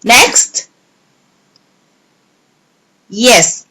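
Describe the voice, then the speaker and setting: A woman teacher giving a recorded English lesson to young pupils, repeating words slowly and clearly. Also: high-pitched, sing-song, a bit bright, poor audio. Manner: slow, clear, repeating words and clapping syllables.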